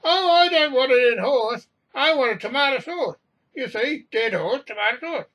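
A man's voice: extremely high pitch, animated, moderate pace, fairly bright tone, pitched above the performer's own voice, full character voice, rough recording. A man voicing a plaintive passenger who travels with his cat and complains. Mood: complaining.

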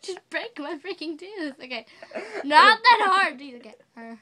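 एक ऊँची, चंचल आवाज़ वाली युवा महिला. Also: female voice, extremely high pitch, lively intonation, moderate pace, sharp tone. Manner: playful, teasing, giggly. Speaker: vlogger. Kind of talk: casual chat.

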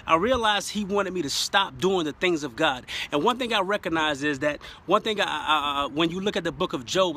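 A man preaching on a phone live stream, talking casually to viewers and building up to fervent, declarative praise. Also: a little high. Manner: fervent, rising to shouted praise.

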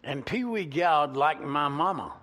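A man with a Georgia Southern accent, preaching a sermon as a pastor and telling folksy stories with animated swings in volume. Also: on the high side, measured pace. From Georgia, USA. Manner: animated, folksy, swings between loud and soft.

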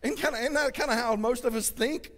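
A man with a Southern US accent preaching a sermon as pastor, swinging from loud exclamations to hushed asides. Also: extremely high pitch, a little fast. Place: church sanctuary. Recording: reverberant church sanctuary.

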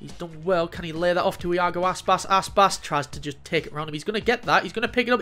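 A young man doing excitable, jokey let's play commentary while he plays a football game, swearing often. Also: sits high, fast, hardly any pauses, faint music behind. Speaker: gaming YouTuber.

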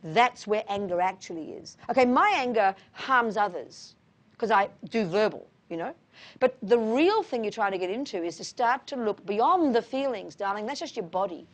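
A woman's voice: medium pitch, expressive, normal speed. A middle-aged woman giving an informal Buddhist talk, frank and emphatic, calling listeners darling and honey. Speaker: Buddhist teacher. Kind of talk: informal dharma talk answering questions.

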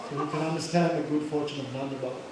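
A man's voice: a little high, rapid-fire. A man giving a devotional lecture, telling sacred stories and acting out the characters' voices. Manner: animated, acts out characters' voices. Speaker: spiritual teacher. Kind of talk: devotional lecture with acted storytelling. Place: lecture hall. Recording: echoey hall, far mic, crowd.

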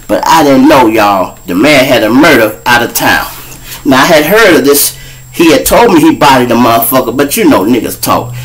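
A man with a Chicago accent tells rambling street stories on his own show. He is casual and profane, and his voice jumps high whenever he plays other people in the story. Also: expressive, moderate pace, fairly bright tone, low-quality recording. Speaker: host telling street stories.

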